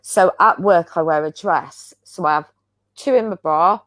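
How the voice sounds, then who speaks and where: A woman's voice: on the low side, measured pace, a bit bright, no echo. A woman, a guest healer, talking in an earnest, rambling, chatty way about spiritual practice over a video call. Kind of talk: casual spiritual chat.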